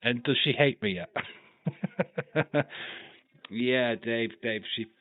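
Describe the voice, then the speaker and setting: A man's voice: mid-range voice, very slow, dry recording, narrow, tinny audio. A man with a Yorkshire accent hosting a live watch-along, chatting casually, laughing often, swearing and reading chat messages aloud. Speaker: livestream host.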